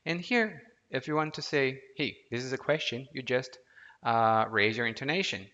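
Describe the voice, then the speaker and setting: A man teaching an audio language lesson, patient and deliberate, prompting the listener to repeat words aloud. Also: mid-range voice, bright, forceful tone. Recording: dull lo-fi audio with long reverb.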